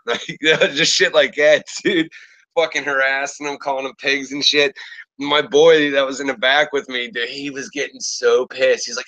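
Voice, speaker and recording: Bright, profane storytelling man. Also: medium pitch, normal speed, no room sound, poor audio. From Pittsburgh area, US. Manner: profane, animated storyteller acting out quotes. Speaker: podcast host. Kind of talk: casual storytelling chat.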